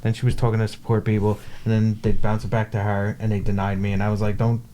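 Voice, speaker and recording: A man's voice: fairly low pitch, monotone, fast talker, dark tone, slight background noise. A man co-hosting a podcast, telling a story in casual chat, acting out the people he quotes and swearing now and then. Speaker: podcast co-host.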